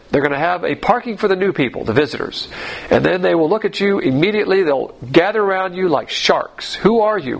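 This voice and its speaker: A man's voice: a little high, vocal fry. A man teaching Bible doctrine as a pastor, blunt and combative, mocking other churches as he goes.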